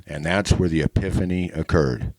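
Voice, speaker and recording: A middle-aged man hosting a podcast, telling a long rambling story with deadpan humor and many fillers. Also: low-pitched, moderate pace. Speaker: podcast host. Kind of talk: casual storytelling monologue.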